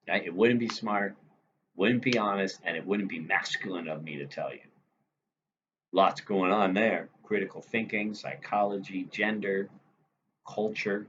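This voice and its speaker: Man, lowish voice, literature lecture, chatty, dull lo-fi sound, faint hiss. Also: fairly even intonation, unhurried. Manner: conversational, frequent "right?" check-ins. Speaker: teacher. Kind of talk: literature lecture reading quoted lines. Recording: dull lo-fi recording with faint noise.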